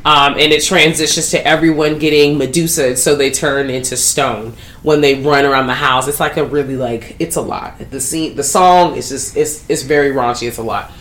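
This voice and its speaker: Podcast lady doing a movie recap, swears a lot, lively storytelling, echoey room. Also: extremely low pitch, normal speed, few pauses. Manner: animated, profane, slangy storytelling. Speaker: podcast host. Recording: roomy echo.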